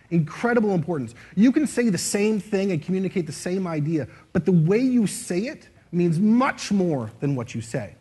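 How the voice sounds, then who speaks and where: A playful man leads a live audience through a speaking exercise, his voice a little husky. His pitch swings widely as he acts out lines in different tones. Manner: playful, demonstrative, shifts voice to show expression. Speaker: speaker leading an audience activity. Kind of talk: interactive stage talk. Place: stage before a live audience.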